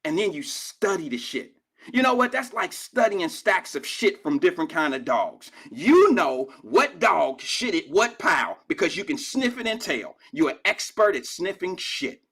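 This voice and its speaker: A man's voice: high voice, sing-song, normal speed, fairly bright tone, slightly rough. A middle-aged man from Cincinnati hosting a live call-in show, ranting in a fiery, profane and confrontational way at his critics. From Cincinnati, USA. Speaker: talk show host.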